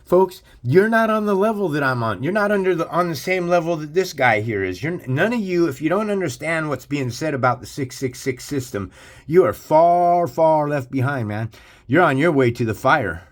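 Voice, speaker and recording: A man's voice: on the high side, expressive, normal speed. A man holds forth on his channel in a hard, preachy rant. He lectures the listener directly and swears freely. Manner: aggressive, profane, preachy. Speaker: channel host. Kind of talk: ranting religious commentary.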